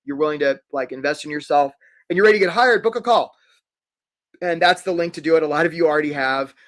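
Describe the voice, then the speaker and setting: A man coaching job seekers in a live online workshop, talking quickly and energetically and speaking straight to his attendees. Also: on the high side. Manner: energetic, talks fast, addresses attendees directly. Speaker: career coach hosting a webinar.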